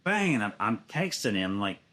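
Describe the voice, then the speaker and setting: A man with a deep voice tells a long hunting story casually and fairly quickly, with slight background noise. He's animated, swears often, and acts out what other people said.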